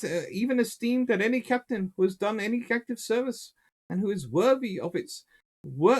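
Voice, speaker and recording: A man's voice: high voice, voice pushed up. A man voicing a haughty French emperor in a nasal put-on French accent, dictating a formal letter. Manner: imperious, stiff, formal.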